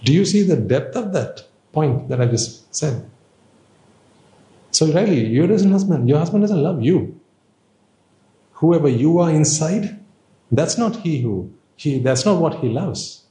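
A man's voice: a little high, lively intonation, a little slow, pauses often, warm tone, reverberant. A man giving an informal Buddhist dharma talk, conversational and playful, full of rhetorical questions. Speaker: Buddhist teacher.

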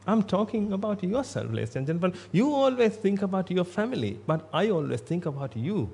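A man's voice: sits high, big pitch swings, brisk, gravelly, a little mellow, breathy edge. A man giving a Buddhist sermon in a blunt, emphatic way, repeating himself for stress. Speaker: Buddhist monk.

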